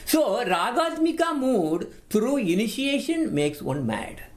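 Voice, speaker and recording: A man's voice: extremely high pitch, slow. A man giving a devotional class lecture, emphatic and given to repeating his words. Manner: animated, emphatic, repeats words while teaching. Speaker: spiritual teacher.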